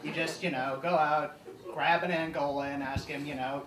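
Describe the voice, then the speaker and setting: A young man doing a stand-up comedy set, deadpan and halting with many ums, on a live comedy stage. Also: on the high side, noisy background. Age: young adult. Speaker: student stand-up comic. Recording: echoey hall, distant mic, audience laughter.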